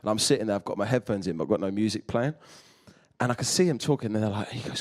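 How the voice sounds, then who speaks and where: A man with a slightly low voice rattles off a story at speed. He tells it with animation and acts out the people in it. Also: rapid-fire. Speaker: actor guest. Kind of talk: anecdote on a talk show.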